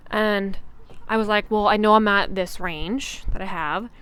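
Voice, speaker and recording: A woman's voice: medium pitch, a little slow, a bit bright, clean tone. A young adult woman hosting her own podcast, talking casually in a blunt, profane, rambling way. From Canada. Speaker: podcast host. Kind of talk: casual solo podcast chat.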